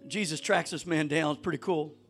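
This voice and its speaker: A man preaching a sermon to a church congregation, swinging between shouted exhortation and low conversational asides. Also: steady tone, a little fast, soft background music. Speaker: pastor.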